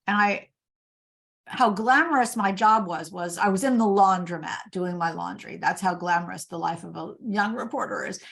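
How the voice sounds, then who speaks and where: A woman's voice: mid-range voice, moderate pace, gravelly. An older woman from Indiana, a guest author, telling stories in an interview and acting out the dialogue in them. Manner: animated storyteller, acts out quoted dialogue. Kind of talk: storytelling interview.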